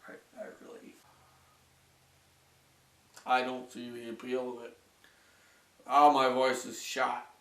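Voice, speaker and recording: A man's voice: medium pitch, flat delivery, takes it slowly, pauses often, a little hiss or hum, lightly acted. A man voicing a weary, washed-up male cartoon star who moans and rambles in complaining rants. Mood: gloomy. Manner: whiny, moaning, rambling rants. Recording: roomy echo from a distant mic.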